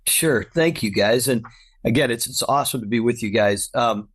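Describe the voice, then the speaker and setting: A middle-aged man from the United States chats as a podcast guest. He sounds upbeat and grateful, with a middle-range voice, and tells family stories in a relaxed, easy way. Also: mid-range voice, moderate pace, breathy edge. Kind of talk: casual conversation.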